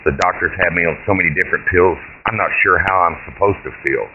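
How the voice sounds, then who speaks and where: A frail but commanding old great-grandmother barks orders in a blunt, foul-mouthed way, as a male reader puts her on. The voice stays low and deep. It comes through a thin, phone-like line with a faint hiss behind it. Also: quick pace. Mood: bossy.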